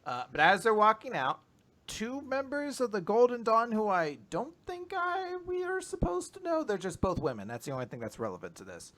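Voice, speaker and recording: A young man casually chatting as a podcast co-host, rambling through summaries and slipping into animated quoted voices. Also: high voice, moderate pace. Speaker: podcast co-host recapping manga. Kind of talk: casual chat.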